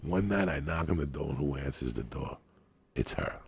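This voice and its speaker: A man telling crude, profane comic stories on a podcast in a rambling, raucous way, with a gravelly, raspy voice. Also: a bass voice, normal speed. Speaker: podcast guest.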